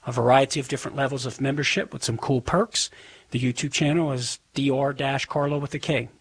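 A man's voice: medium pitch, fairly even intonation, fairly quick, husky. A man with a Southern US accent, a guest on a call-in radio show, explaining things in an easygoing way. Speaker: guest apologist. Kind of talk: casual radio interview talk.

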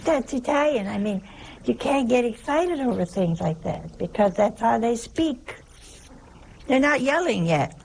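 Woman, religious sister, sermon. Slow, gravelly delivery, emphatic, with rhetorical questions and whispered asides. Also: on the high side, lively intonation, darkish tone, slight background noise.

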